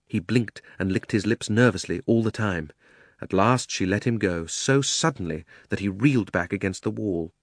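A man reads a storybook aloud in a measured, expressive way. His voice sits somewhat low, and the recording is dry with no room sound. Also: no echo. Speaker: narrator. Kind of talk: storybook narration.

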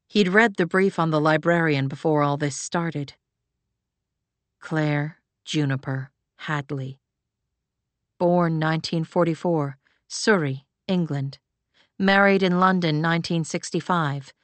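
A woman reading fantasy fiction aloud as an audiobook narrator, in an even, measured way. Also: deep voice, no room sound.

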